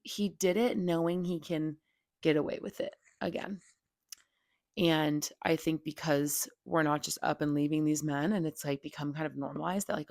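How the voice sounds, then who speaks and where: A woman's voice: sits low, steady tone, moderate pace, a little mellow, no echo, studio quality. A young adult woman hosting a podcast, giving a candid opinion monologue in a blunt, frank way, full of "like" and casual swearing. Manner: blunt and frank, heavy filler "like", swears freely. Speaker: podcast host.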